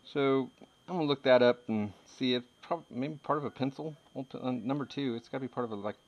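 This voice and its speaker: A man in his thirties talks through his finds in an easygoing, rambling way, tossing in jokes and laughing often. His voice sits at an ordinary middle pitch. The recording sounds dull and lo-fi, like home video audio. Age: 30s. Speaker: metal detecting hobbyist. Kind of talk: casual chat showing finds.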